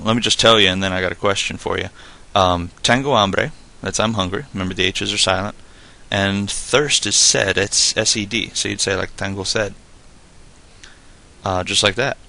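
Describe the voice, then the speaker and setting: A man teaching a casual spoken lesson, explaining in a relaxed, rambling way full of "like" and "you know.". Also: lowish voice. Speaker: Spanish tutor.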